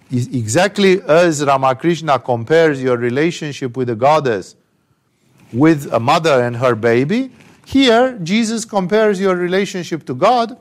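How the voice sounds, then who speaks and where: A man giving a conversational scripture commentary with emphatic rhetorical asides. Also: fairly high pitch. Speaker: spiritual teacher.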